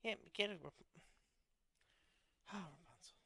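A man's voice: sits high, measured pace, creaky, long pauses, fairly bright tone, no echo. Guy knitting and mumbling to himself, goofy little noises, tense crackly voice. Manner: mutters to himself, playful nonsense sounds. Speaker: vlogger. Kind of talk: casual chat while knitting.

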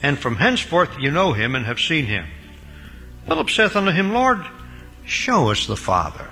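An older man preaching a Bible lecture, with dramatic swings between loud emphasis and quiet asides. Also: fairly high pitch, very animated, moderate pace, big-room sound, soft background music. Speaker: pastor. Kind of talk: recorded Bible lecture sermon.

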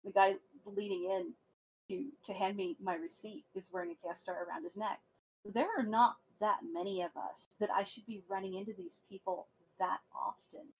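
A woman hosting a podcast, telling stories in a casual, animated way with plenty of swearing. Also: medium pitch, moderate pace, vocal fry, lo-fi sound, slight background noise. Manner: animated storytelling with profanity. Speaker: podcast host.

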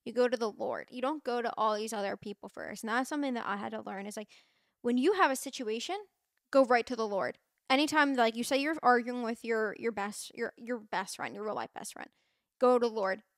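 A woman's voice: a little high, fairly quick, dry recording, studio quality. A young woman hosting a podcast, talking casually and earnestly about faith, with lots of fillers and restarts. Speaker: podcast host. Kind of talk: casual faith talk to listeners.

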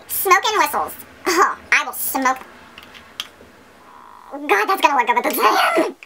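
A woman's voice: high-pitched, very animated, normal speed. A woman beauty vlogger in goofy blooper chatter, silly and giggly with crude jokes. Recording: noisy background.

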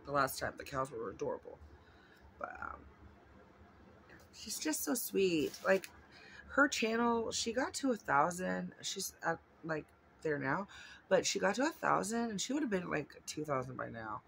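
A woman's voice: lowish voice, big pitch swings, unhurried, gravelly, a bit bright, a little hiss or hum. A woman vlogger chatting casually while unboxing gifts at home, rambling and gushing with lots of fillers.

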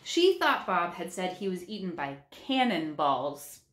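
Lady reading a kids book out loud, super animated, echoey room. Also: on the low side, measured pace. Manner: animated storytelling. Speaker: read-aloud narrator. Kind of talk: children's book read-aloud. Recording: roomy echo.

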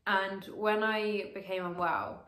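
A woman in her late teens chatting to camera as a vlogger while she eats, gushing and excitable, with lots of fillers. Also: mid-range voice, slow. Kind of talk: casual to-camera vlog while eating. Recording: roomy echo.

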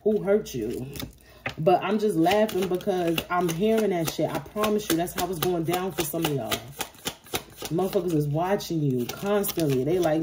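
Woman tarot reader, low voice, blunt cursing, casual reading, noisy card shuffling behind. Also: a little fast. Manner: profane, blunt and laughing.

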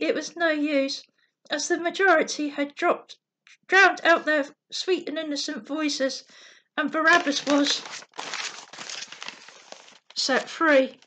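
High-voiced woman reading a bedtime story. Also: takes it slowly. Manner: gentle reading with slips and restarts.

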